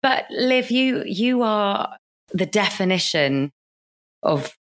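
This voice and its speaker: A woman hosting a podcast, interviewing with a gentle, affirming, soothing manner. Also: mid-range voice, expressive, slow pace. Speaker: podcast host.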